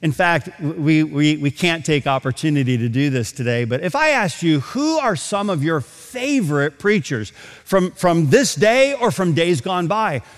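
A man preaching a sermon in a big auditorium, with his voice sitting a little high for a man and swinging widely in pitch. He slows down for emphatic scripture readings, then rushes through quick asides. A long reverb trails behind every phrase. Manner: expressive preaching with dramatic slowdowns and emphatic scripture quotes. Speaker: pastor. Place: large auditorium.

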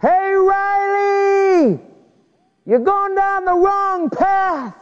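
A preacher doing a youth director yelling a warning. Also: male voice, very high-pitched, lively intonation, extremely slow, voice pushed up, heavily acted. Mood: alarmed. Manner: shouting, drawn out. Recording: dull recording with long hall reverb.

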